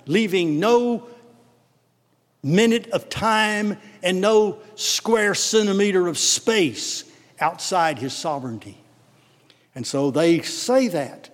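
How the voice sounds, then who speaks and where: A male pastor with a Texan accent delivers a sermon at a slow, deliberate pace. His voice sits a little high and rises hard on words he stresses. The sound carries a long hall reverb. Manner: emphatic, swelling on key words, rapid asides.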